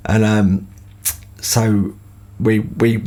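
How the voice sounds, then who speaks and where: A man's voice: on the low side, level tone, very slow, dark tone. A man, telling a rambling story as a podcast host, full of fillers. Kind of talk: casual anecdote.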